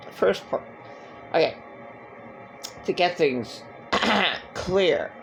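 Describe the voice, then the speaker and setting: Guy talking real slow and gravelly, halting rambly vlog monologue, bit of music under it. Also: fairly high pitch, low-quality recording. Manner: halting and rambling with many fillers. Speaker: vlogger. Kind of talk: personal monologue.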